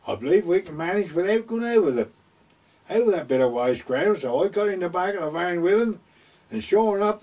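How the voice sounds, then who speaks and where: A man's voice: on the high side, darkish tone, far from the mic. An older man casually reminiscing in a rambling retelling, repeating "I said" and "he said.". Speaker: storyteller.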